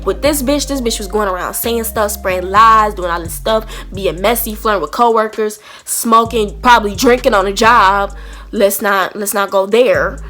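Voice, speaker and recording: A young woman, telling an animated storytime to camera and acting out both sides of a heated argument. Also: mid-range voice, moderate pace, faint music behind. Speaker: storytime vlogger.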